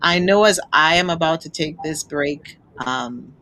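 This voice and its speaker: A woman hosting a talk show talks in an effusive, emotional, heartfelt way. Her voice sits a little lower than most women's. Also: unhurried, sharp tone, poor audio. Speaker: host. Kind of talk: interview chat.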